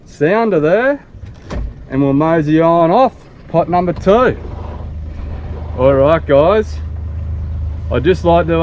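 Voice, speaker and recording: A man's voice: a little high, darkish tone, dull audio. A man with an Australian accent chatting casually to camera from a small boat, laid-back and slangy, recorded on an action camera. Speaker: fishing vlogger. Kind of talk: casual vlog talk to camera. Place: small open boat on the water. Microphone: action camera mounted on the boat. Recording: boat motor and wind noise.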